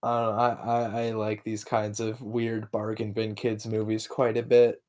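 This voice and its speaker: A man's voice: lowish voice, completely flat delivery, moderate pace, darkish tone. A man hosting a podcast, recapping a film in casual chat, laughing often and rambling with restarts. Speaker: podcast host.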